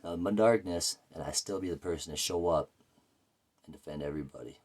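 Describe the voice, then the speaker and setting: A man's voice: low-pitched, fairly quick, a little mellow. A man telling a rambling, profane story about his life in a casual, blunt way. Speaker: vlogger.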